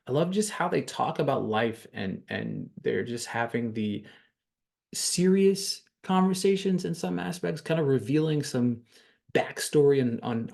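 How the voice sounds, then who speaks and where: A man's voice: mid-range voice, vocal fry, a little mellow. A man hosts a podcast and recaps a reality show in a loose, chatty way. His voice sits in a middle register. He rambles, repeats himself, fills gaps with ums and curses now and then. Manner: rambling, repeats words, frequent ums and cursing. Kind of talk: casual spoken recap.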